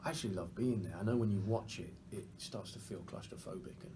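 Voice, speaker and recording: Lively English actor, low voice. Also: male voice, fast, noisy background. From England. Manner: animated storytelling, laughs often. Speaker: actor guest. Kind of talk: press junket interview.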